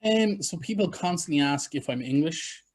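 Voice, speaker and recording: A man's voice: on the high side, lively intonation, moderate pace. A middle-aged man with an Irish accent, chatting frankly and with self-deprecating humor as a podcast guest. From Ireland. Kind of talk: casual interview chat.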